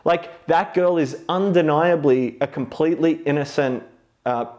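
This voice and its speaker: A man's voice: a little high, normal speed, darkish tone. A man co-hosting a film podcast, talking thoughtfully and analytically, often restarting his sentences. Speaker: podcast co-host. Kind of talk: casual film discussion.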